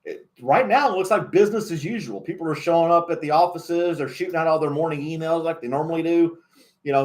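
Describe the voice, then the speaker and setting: Male host, casual and chatty, quick to laugh; slightly high voice. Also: a little mellow. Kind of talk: casual chat.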